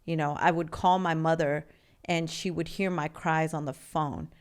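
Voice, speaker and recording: Earnest low-voiced woman telling her story. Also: steady tone, smooth. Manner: earnest and open, with halting restarts. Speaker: podcast guest. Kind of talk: candid personal storytelling.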